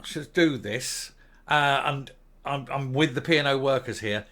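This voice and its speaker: Older male vlogger, mid-pitched, tense and bright-edged, furious swearing rant. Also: measured pace. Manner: angry, swearing, emphatic outbursts. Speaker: channel host. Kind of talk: opinion rant to camera.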